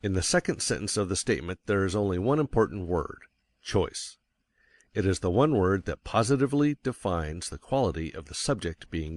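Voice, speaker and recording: Man, audiobook narration, very low voice, measured reading, stresses key words, dry close sound. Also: no room sound. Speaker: audiobook reader. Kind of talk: scripted narration.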